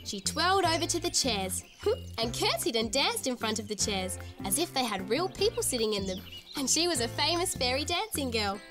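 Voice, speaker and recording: A woman's voice: high-pitched, big pitch swings, normal speed, over music. A woman hosting a children's TV show, telling a fairy tale in a giggly, sing-song way. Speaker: storyteller host. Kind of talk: children's TV storytelling.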